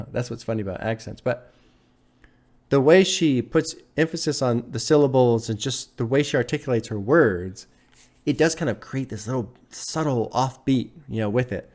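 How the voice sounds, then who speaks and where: Excitable, cursing man reacting to music. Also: mid-range voice, moderate pace. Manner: excited, swears often, breaks into laughs. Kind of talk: casual music reaction commentary.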